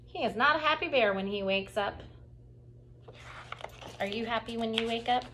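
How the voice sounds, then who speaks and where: A woman's voice: on the high side, normal speed, long pauses. A woman reading a children's picture book aloud, narrating expressively and speaking to the young listeners. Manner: expressive, animated. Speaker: children's storyteller.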